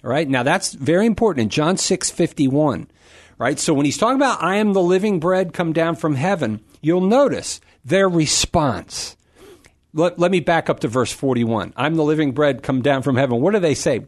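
A middle-aged man teaches Scripture to a caller on a call-in radio show, with a voice pitched a little high for a man. He speaks with emphasis and swings his pitch widely. He sometimes slips into playful crowd voices to make a point. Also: moderate pace. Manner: animated, emphatic, acts out crowd voices for humor. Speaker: Catholic radio host answering a caller.

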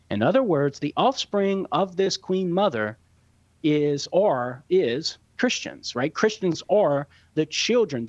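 Measured teacherly man, muffled audio. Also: on the high side, dry recording. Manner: measured, teacherly, explains step by step. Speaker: guest Catholic apologist answering questions. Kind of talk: radio Q&A explanation.

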